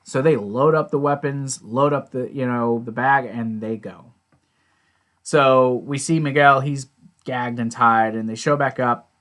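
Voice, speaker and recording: A man's voice: mid-range voice, fairly even intonation, unhurried, fairly bright tone. A man casually recapping and reviewing a TV episode, rambling along with lots of "you know" and "like".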